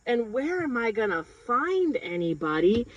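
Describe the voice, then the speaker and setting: A woman doing stand-up comedy, telling a story in an animated way and acting out the scenes. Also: on the high side, measured pace, muffled recording. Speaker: stand-up comic.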